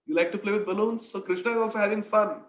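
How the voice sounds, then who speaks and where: Earnest devotional storyteller, male, high voice; roomy, lo-fi recording. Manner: earnest, expressive, slow-paced storytelling. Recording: echoey room, dull lo-fi sound.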